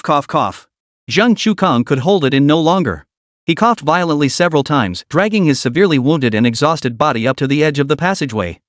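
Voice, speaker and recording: A man reading a story aloud as narrator in an even, steady storytelling manner. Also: a little high, dry recording, studio quality. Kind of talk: scripted audiobook narration.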